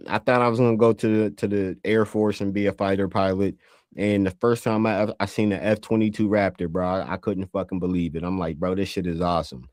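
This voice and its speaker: This is a studio-quality, dry recording of an American man with a fairly low, darkish voice. He co-hosts a casual podcast, speaking emphatically, swearing a lot, and tripping over repeated words.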